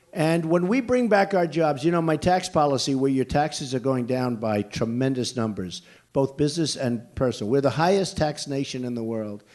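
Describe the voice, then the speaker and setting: A man's voice: medium pitch, a little mellow. An older man giving a campaign rally speech and taking questions, talking in a blunt, repetitive, rambling way with emphatic asides. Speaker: political candidate.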